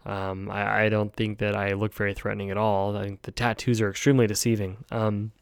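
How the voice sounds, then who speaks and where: A man with a low, gravelly voice tells a personal story from his hospice work. He speaks in a halting, heartfelt way, full of fillers and restarts. The sound is dry and close. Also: flat delivery, dry recording. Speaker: podcast host and hospice worker.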